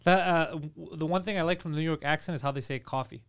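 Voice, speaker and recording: A man's voice: on the high side, fast, smooth. A man co-hosting a podcast in crude, rambling casual chat, often trailing off while he hunts for names. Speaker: podcast co-host.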